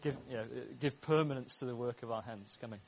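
A man leading a church meeting, speaking in a halting way with many restarts as he introduces a guest. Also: mid-range voice, slight background noise, poor audio. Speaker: church leader hosting the meeting.

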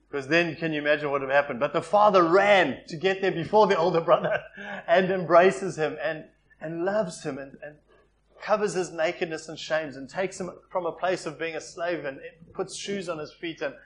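Male preacher, fairly high voice, expressive sermon delivery with big swings from loud to hushed. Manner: expressive, rises loud for emphasis and drops to soft asides.

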